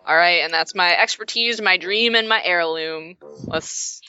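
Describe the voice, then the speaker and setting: A woman's voice: fairly low pitch, measured pace, bright, forceful tone, lo-fi sound, faint music behind. A woman playing a tabletop role-playing game, talking in a playful, giggly way. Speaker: player. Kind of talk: tabletop role-play chat.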